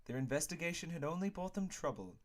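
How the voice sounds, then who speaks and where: A man hosting a game playthrough, reading the story aloud and chatting casually, playful and excitable. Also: on the high side, fast. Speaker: let's play host and reader.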